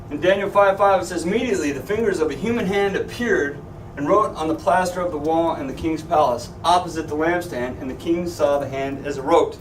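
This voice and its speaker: In a church classroom, a man teaching Sunday school jokes around and poses questions to his Bible students. His voice is a little high and his speed normal. The room echoes, he sounds far from the mic, and there is slight background noise.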